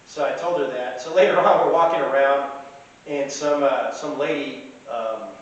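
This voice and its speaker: A man's voice: medium pitch, normal speed, dull audio. A man casually telling rambling anecdotes from costume fairs. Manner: rambling, chatty. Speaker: storyteller. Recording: echoey room, distant mic, faint hiss.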